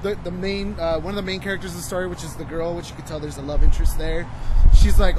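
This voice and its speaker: A man's voice: sits high, fast. A man in his twenties co-hosting a podcast, casually recommending a show in a rambling, profane way, full of "you know" fillers. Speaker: podcast co-host. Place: outdoors near traffic. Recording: wind noise and clipping outdoors.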